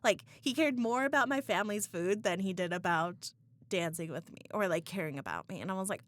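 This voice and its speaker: A young woman co-hosting a casual podcast chat, animated, laughing often and saying "like" a lot. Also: medium pitch, a little fast. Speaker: podcast co-host.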